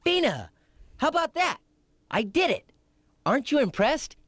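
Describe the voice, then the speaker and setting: A woman's voice: high-pitched, very animated, moderate pace, dry recording. A woman doing a boastful boy hero. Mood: proud. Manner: bashful, boyish bragging. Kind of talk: video game voice acting.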